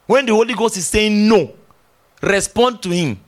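A middle-aged man with a high voice preaches a sermon at a moderate pace. He is animated, emphatic and teasing, laughing as he acts out little dialogues along the way.

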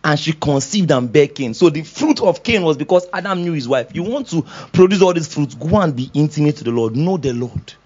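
A man preaching, his pitch high and swinging widely as he acts out little dialogues. He laughs often and shifts between soft asides and bursts of energy. The recording is somewhat dull and lo-fi. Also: lively intonation, fairly quick, hardly any pauses, husky. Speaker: pastor. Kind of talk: sermon. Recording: dull lo-fi sound.

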